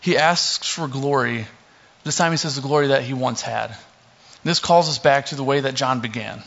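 A man's voice: medium pitch, moderate pace, vocal fry. Young male pastor, casual sermon, joking asides, muffled lo-fi sound. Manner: relaxed, joking asides, many fillers. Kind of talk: casual sermon with scripture reading. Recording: dull lo-fi recording.

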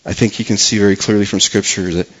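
A man preaching a sermon as a pastor, earnest, repeating words for emphasis and dropping soft and low on key phrases. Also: steady tone, quick pace, muffled recording.

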